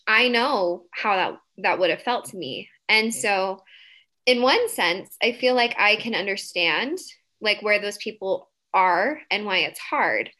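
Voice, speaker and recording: A woman guest on a podcast speaks in a bright, clear tone at a medium pitch. She is thoughtful and casual, circling back to restart her phrases as she works out what to say. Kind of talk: casual conversation.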